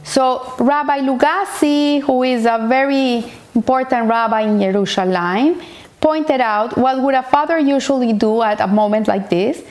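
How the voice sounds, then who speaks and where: A woman's voice: sits high, darkish tone. A woman teaching a Torah portion as a story, retelling it earnestly with frequent restarts and Hebrew terms mixed in.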